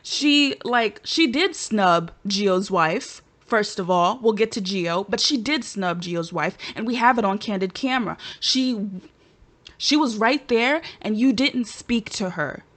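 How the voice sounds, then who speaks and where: A woman's voice: medium pitch, a little slow. A woman vlogger chatting casually and with sass to her viewers, giving her opinions straight to camera. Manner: animated, sassy, talks straight to viewers. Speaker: vlogger reviewing a reality show.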